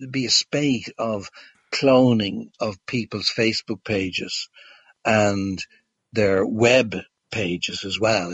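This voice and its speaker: A guest recounts a long story in casual fashion, hesitant and full of fillers and restarts. He has a lowish, fairly bright voice with a breathy edge, and the dull lo-fi recording has no echo.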